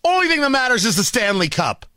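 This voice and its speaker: A man's voice: extremely high pitch, sing-song, quick pace, sharp tone, no room sound, studio quality. A male talk radio host delivering a combative, ranting opinion monologue, often stumbling and repeating words.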